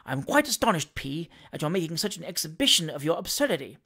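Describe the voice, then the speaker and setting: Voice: big pitch swings, fast, slightly rough, full character voice. A reader doing a scornful, domineering wife. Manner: curt and scornful, lower and quieter than the narration. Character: sharp-tongued, domineering middle-aged wife.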